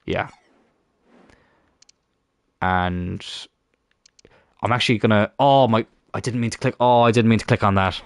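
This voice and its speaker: A man's voice: lowish voice, a little slow, pauses often, clear, resonant tone, no room sound. A man casually commenting on a football management game, often grumbling and swearing at it. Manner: frustrated, muttering, swears at the game. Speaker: gaming YouTuber.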